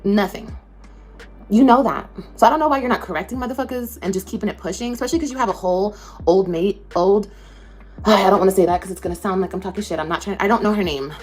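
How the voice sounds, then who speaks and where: A woman's voice: mid-range voice, fast, darkish tone, soft background music. A woman social media creator ranting to camera, confrontational, sarcastic and profane.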